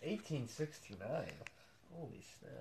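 A man chatting casually about commercials in a sarcastic way, sometimes bursting into loud rants. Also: medium pitch, very animated, unhurried, a little hiss or hum. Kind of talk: casual chat reacting to ads.

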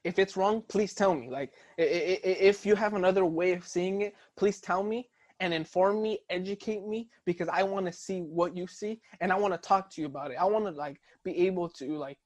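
A man's voice: sits high, a little fast, hardly any pauses, darkish tone, dull audio. A man co-hosting a casual podcast, talking in rambling bursts with lots of restarts. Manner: rambling, many restarts, laughs at own jokes. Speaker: podcast co-host.

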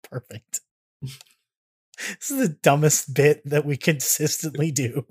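A man co-hosting a casual podcast, excitable and self-mocking, often tripping over his words. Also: fairly high pitch, takes it slowly, slightly rough. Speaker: podcast co-host.

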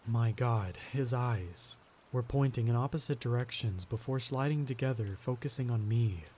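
A man narrating a scripted horror story in a tense, measured way. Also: mid-range voice, dark tone, a little hiss or hum.

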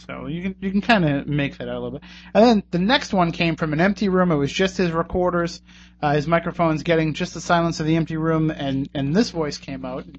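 A man's voice: on the high side, fairly quick, a little hiss or hum. A man hosting a radio talk show in a casual, joking, conversational way. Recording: dull lo-fi radio recording.

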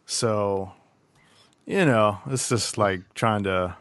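A low-voiced man talks reflectively in a casual chat, restarting his sentences as he thinks aloud. The sound is dry and close. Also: extremely slow, a bit bright, no echo. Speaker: podcast co-host, parent.

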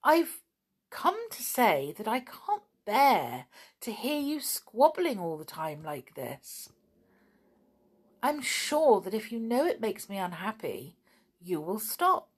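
A woman voicing a kind, gentle old lady neighbour who pleads softly. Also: medium pitch, big pitch swings, takes it slowly, slightly rough, pitched above the performer's own voice, heavily acted. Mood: pleading.

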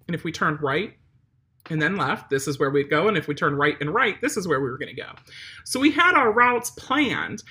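A woman's voice: lowish voice, bright, forceful tone. A woman dog trainer giving direct, chatty instructions on potty training a dog, talking straight to the viewer. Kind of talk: instructional talk.

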